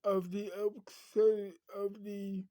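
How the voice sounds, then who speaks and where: Slow, soft-spoken woman telling a story. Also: medium pitch, flat delivery, no room sound, rough recording. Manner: soft-spoken, drops into whispers, halting. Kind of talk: improvised storytelling narration.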